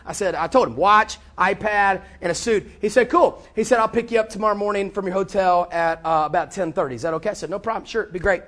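A man preaching, telling a story with animated, repetitive delivery and acted-out dialogue. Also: high-pitched, fast, few pauses. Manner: animated, repeats words, acts out dialogue. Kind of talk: sermon storytelling.

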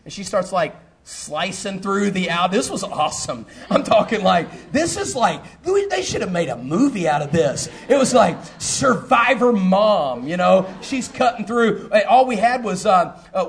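Pastor guy telling a story from the pulpit, lots of um's and restarts, swings loud to hushed. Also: high-pitched. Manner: animated, repeats himself, lots of fillers. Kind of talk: storytelling sermon.

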